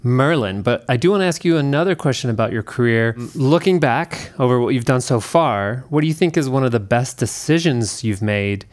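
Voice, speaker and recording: A man's voice: medium pitch, lively intonation, a little fast, hardly any pauses. A man hosting a podcast, asking questions in a casual, friendly interview. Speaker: podcast host. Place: outdoors at a mountain view.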